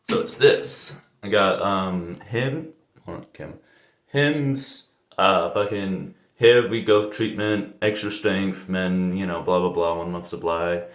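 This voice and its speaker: A young American vlogger with a deep voice rambles slowly and casually, swearing freely and laughing at his own jokes. He starts in a bathroom shower and then moves indoors, and the room sounds echoey.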